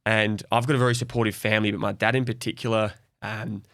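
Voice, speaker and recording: A man's voice: lowish voice, level tone, fast, no room sound, clean studio sound. A young Australian man speaking openly and reflectively as a guest in a podcast conversation. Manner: open, reflective, soft-spoken.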